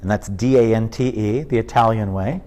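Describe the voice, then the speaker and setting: A man in his fifties, a comedian chatting in an interview, telling animated stories and slipping into impressions. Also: fairly low pitch, normal speed. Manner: animated storyteller, drops into impressions. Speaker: comedian guest. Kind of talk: casual interview chat.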